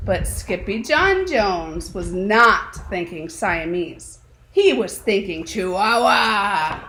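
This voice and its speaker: A woman reads a children's picture book aloud at home, in an expressive storytelling voice. Her pitch sits a little high and moves a lot, she takes her time over each line, and a faint hiss lies under the recording. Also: rough recording. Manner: animated storytelling, slow and expressive. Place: home with dogs nearby.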